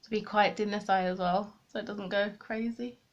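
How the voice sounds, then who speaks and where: A woman's voice: mid-range voice, fairly even intonation, normal speed, dull audio. A young woman chatting to viewers while she does her makeup at a desk at home, rambling and poking fun at herself. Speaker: beauty vlogger. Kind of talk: chatty get-ready-with-me vlog. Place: room at home, at a desk with a mirror.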